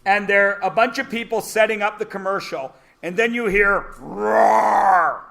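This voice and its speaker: A man teaching a math class, animated and joking, explaining word problems and telling stories to his students. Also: high voice, fairly quick. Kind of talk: classroom lecture.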